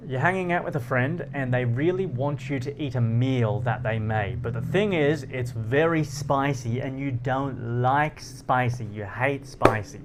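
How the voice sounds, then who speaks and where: A man of average pitch hosts a philosophy talk, walking through ideas with everyday examples from his own life. He is animated and laughs easily, often slipping into acted-out snippets of dialogue. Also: noisy background. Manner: animated, laughs often, acts out quoted lines. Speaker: philosophy channel host. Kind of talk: explanatory monologue with personal anecdotes.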